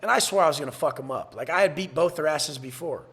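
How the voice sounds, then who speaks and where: A man's voice: on the high side, fast talker, a bit bright. A man from San Diego telling his life story bluntly as a podcast guest, cursing freely and acting out the voices of others. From San Diego, USA. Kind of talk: candid storytelling interview.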